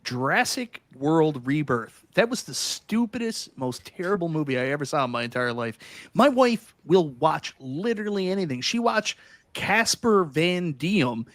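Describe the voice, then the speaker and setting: A man's voice: on the high side, very animated, moderate pace, no room sound. A man co-hosting a casual chat, arguing back and joking. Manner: argumentative, joking. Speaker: co-host.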